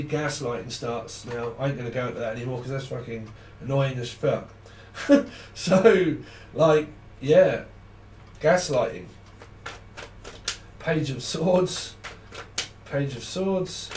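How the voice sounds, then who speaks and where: A man's voice: medium pitch, moderate pace, darkish tone, distant mic. A man giving a casual, rambling tarot reading, swearing freely and laughing often. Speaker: tarot reader. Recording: roomy sound from off the mic.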